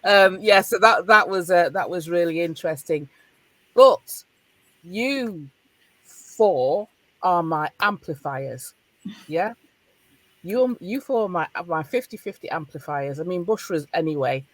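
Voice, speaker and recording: A middle-aged woman with a Northern English accent hosting a podcast roundtable over a video call, chatting in a casual, animated way. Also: lowish voice, unhurried, no room sound. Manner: animated, laughing, encouraging. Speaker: podcast host.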